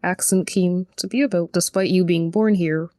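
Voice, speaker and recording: Mellow-voiced curious woman host. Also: fairly low pitch, fairly even intonation, moderate pace, no echo, studio quality. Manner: curious, agreeable, laughs easily. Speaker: podcast host. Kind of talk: casual interview chat.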